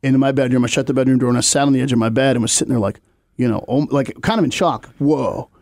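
A man's voice: medium pitch, fast, darkish tone, no echo, studio quality. A middle-aged man, a podcast co-host, telling a long story casually, laughing often and acting out the voices in it.

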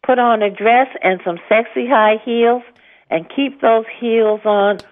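A woman giving cheeky advice at a slow, unhurried pace. Her voice sits a little high, and she keeps it playful and teasing. The sound is dull and lo-fi. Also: steady tone. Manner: playful, teasing, laughing often. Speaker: regular advice segment host. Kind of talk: comic advice segment on a radio show.

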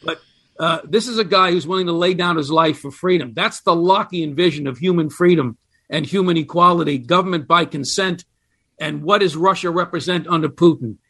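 A man with a high voice talks as a guest in a radio interview. He explains ideas with animated emphasis and reads quotations aloud with weight. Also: brisk. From United States. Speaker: guest, history scholar.

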